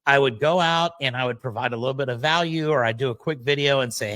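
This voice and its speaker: A man hosting a podcast, telling a personal story at an unhurried pace. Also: mid-range voice, fairly bright tone, dry recording. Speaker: podcast host.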